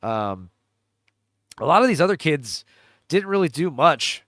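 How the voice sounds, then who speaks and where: Very animated and a little slow, this man has a fairly high, fairly bright voice as he chats about a movie trailer on his podcast. Rambling, laughing and using lots of fillers, he cracks crude jokes; the recording is dry and studio quality.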